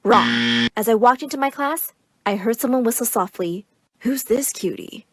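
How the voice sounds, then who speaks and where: Brief: young female narrator, expressive and bright-pitched. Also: moderate pace, no echo. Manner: expressive, dramatic. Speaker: story narrator. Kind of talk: scripted narration.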